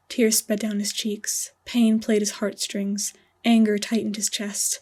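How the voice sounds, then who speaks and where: A woman reading her own fanfiction aloud in a hushed, dramatic audiobook narration. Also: medium pitch, little pitch movement, unhurried, hardly any pauses, breathy edge.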